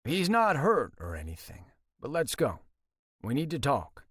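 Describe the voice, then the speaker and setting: A man voicing a concerned father who calmly explains bad news. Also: mid-range voice, unhurried, slightly rough, dry recording, studio quality, pitched above the performer's own voice, full character voice. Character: concerned older rancher father.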